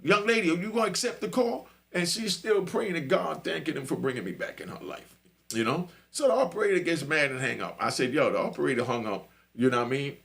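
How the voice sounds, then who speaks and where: Middle-aged male storyteller, gravel in the voice, laid-back street slang, keeps checking in with the listener. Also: medium pitch, fairly bright tone. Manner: loose street slang, frequent "you know what I mean". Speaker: podcast host telling a prison story. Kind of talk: casual storytelling.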